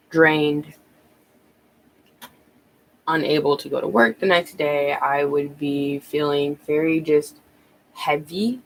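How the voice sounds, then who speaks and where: A woman's voice: sits low, creaky, slight background noise, poor audio. A woman tarot reader talking casually on a live stream, rambling with many ums and restarts, a bit out of breath.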